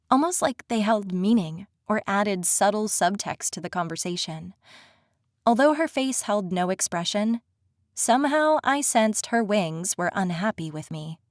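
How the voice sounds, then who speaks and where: A woman's voice: mid-range voice, no room sound. Woman narrating a fantasy audiobook, dry and close. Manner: wry, conversational storytelling. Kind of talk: first-person fantasy narration.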